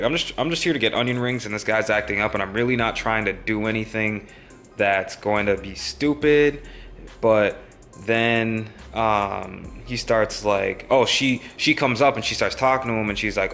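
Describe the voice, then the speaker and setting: A man's voice: fairly low pitch, measured pace, pushed and bright, faint music behind. A young man vlogging, telling a story in a rambling, casual way with many fillers.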